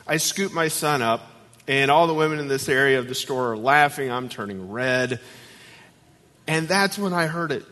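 Guy pastor preaching, bright voice, acts out the voices in his stories, big echoey church. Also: medium pitch, lively intonation, normal speed. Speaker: guest pastor. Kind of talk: sermon with storytelling.

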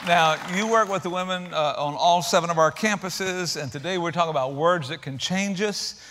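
A man's voice: on the high side, normal speed, a faint crowd. A pastor, joking and welcoming his congregation in a sermon. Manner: jokey, warm-hearted, uses fillers. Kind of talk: sermon and stage interview. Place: large church. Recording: echoey church hall.

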